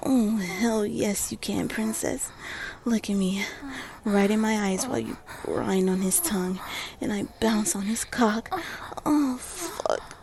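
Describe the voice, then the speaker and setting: A sultry, commanding lover with a mellow, dark tone, voiced by a woman. She speaks slowly and breathily, slipping into whispers as she coaxes and directs in an intimate audio role-play. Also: medium pitch, slight background noise. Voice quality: breathy, often whispered, moaning. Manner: slow, coaxing and directive.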